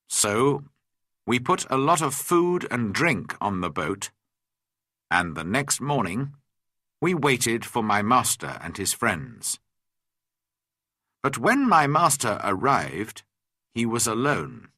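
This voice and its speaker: A man narrating a storybook for learners at a deliberately slow pace. His voice is bright and ranges widely in pitch, from hushed low lines to sudden high exclaims. The sound is close and dry. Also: dry recording. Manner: slow, expressive, dramatic reading.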